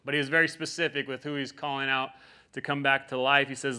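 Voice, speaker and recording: A man's voice: medium pitch, fairly quick, bright, forceful tone. A pastor giving a conversational sermon, often checking in with his listeners by asking "right?".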